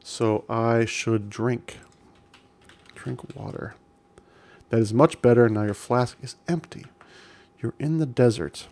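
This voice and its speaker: A man's voice: medium pitch, takes it slowly, pauses often, a little mellow. A man casually commenting while playing an old adventure game, reading game text aloud with amused chuckles.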